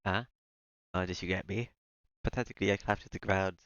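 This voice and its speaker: A man's voice: low-pitched, fairly even intonation, a little fast, fairly bright tone, clear, resonant tone, no echo, highs cut off. A man reading a visual novel aloud in the first person, breaking off now and then for joking asides. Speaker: let's-play streamer.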